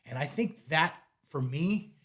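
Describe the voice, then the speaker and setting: An American man in his forties who owns a fly shop and guides fishing trips tells a story casually on a podcast. His pitch is fairly high and his pace a little slow. He's animated and acts out the dialogue, sometimes dropping almost to a mutter.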